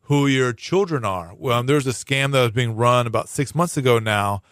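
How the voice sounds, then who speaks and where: A man's voice: medium pitch, moderate pace, a bit bright, smooth, no echo, studio quality. A man speaking as a prosecuting attorney guest in a casual radio interview, explaining at length with many fillers and restarts. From Hawaii. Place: radio studio.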